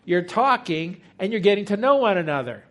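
A man with a high voice preaches a teaching sermon, explaining things conversationally and asking his listeners questions along the way. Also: big pitch swings, a little fast.

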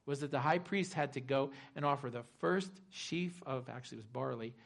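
A man preaching a sermon, retelling a scripture story dramatically and shifting between loud emphasis and hushed asides. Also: mid-range voice, brisk, vocal fry. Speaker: pastor.

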